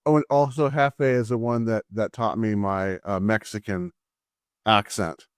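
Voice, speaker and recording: A man's voice: on the low side, fairly even intonation, measured pace, clear, resonant tone, no room sound, clean studio sound. A man at home co-hosting a casual movie-review show, easygoing and repeating words as he thinks aloud. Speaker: podcast co-host.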